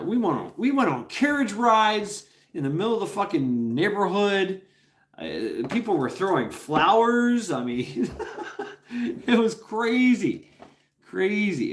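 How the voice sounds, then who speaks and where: A man hosting a casual livestream, telling a rambling, profane story with many restarts and chuckles. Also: mid-range voice. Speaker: livestream host.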